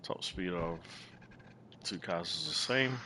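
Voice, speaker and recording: A man commenting casually on a racing game, relaxed and chatty with sudden excited outbursts and the odd swear word. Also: low voice, takes it slowly. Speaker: gaming channel host. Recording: loud game engine noise behind.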